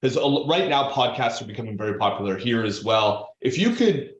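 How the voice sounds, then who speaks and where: A man hosting an interview, asking questions in a relaxed, conversational way. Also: mid-range voice, a little fast, roomy sound, highs cut off. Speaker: host, brokerage leader.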